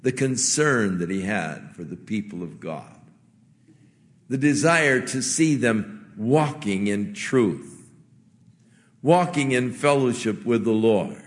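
A man preaching in an unhurried, measured way, pausing often as he teaches. His voice sits at an ordinary pitch and carries a long reverb, as if recorded in a big sanctuary. His manner is gentle and conversational rather than fiery. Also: animated. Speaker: pastor. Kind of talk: sermon.

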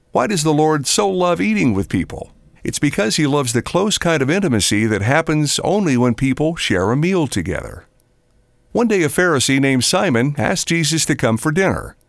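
A man's voice: mid-range voice, creaky, no room sound, studio quality. An older man preaching, telling a personal story and acting out the voices of the people in it. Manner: animated storyteller acting out quotes. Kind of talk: narrated devotional storytelling.

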